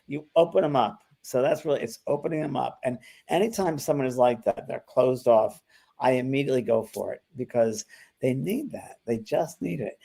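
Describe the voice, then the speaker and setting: An older man talking casually as co-host of a spiritual show, with a gravelly edge to his mid-range voice. He is animated and slips into little acted-out dialogues as he goes. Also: mid-range voice, moderate pace. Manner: animated, acts out quoted exchanges in lively voices. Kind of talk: casual conversational chat.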